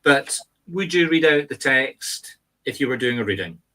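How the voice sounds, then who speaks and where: A man's voice: medium pitch, lively intonation, moderate pace, pushed and bright, a little hiss or hum. A middle-aged man with a Scottish accent, co-hosting a casual chat, talking in an emphatic, instructive teacher's tone. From Scotland. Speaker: medium and co-host.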